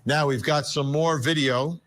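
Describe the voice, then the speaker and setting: A man's voice: a little high, fairly even intonation, a little slow, fairly bright tone. A man hosting, plainly explaining video clips in a news-style presentation. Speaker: host.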